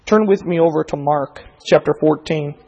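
A man in his thirties preaching a sermon as pastor, moving from quiet reflection to fervent preaching. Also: on the high side, normal speed, muffled recording. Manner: builds from quiet reflection to impassioned, near-shouted preaching. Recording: long hall reverb.

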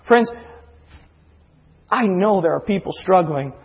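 A man's voice: high-pitched, lively intonation, takes it slowly, in a large hall, highs cut off. A male pastor preaching a sermon in a church, earnest and confessional, often acting out inner voices. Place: church sanctuary.

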